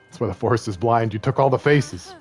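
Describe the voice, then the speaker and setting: A man's voice: medium pitch, a little fast, faint music behind. A man streaming a video game, chatting casually and joking, rambling and slipping into silly voices. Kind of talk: casual gaming livestream commentary.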